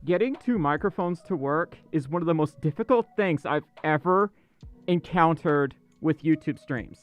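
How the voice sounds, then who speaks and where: Male livestream host, fairly high, very animated voice, flustered and stammery. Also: moderate pace, soft background music. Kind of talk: casual livestream chat. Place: dark room indoors.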